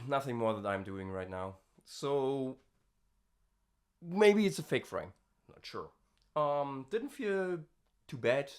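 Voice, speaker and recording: A scream vocalist in a casual practice diary, winded from screaming, with a gravelly fry texture, chatting between takes and sometimes dropping to a hushed whisper. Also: medium pitch, sing-song, slow pace, pauses often.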